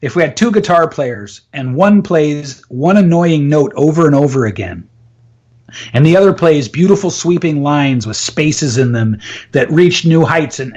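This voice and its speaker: Male voice coach, interview guest, upbeat and laugh-prone, voice sits a touch high. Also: darkish tone, lo-fi sound. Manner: enthusiastic, laughs often, demonstrates with his voice. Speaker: voice and communication coach. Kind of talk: interview, explaining techniques.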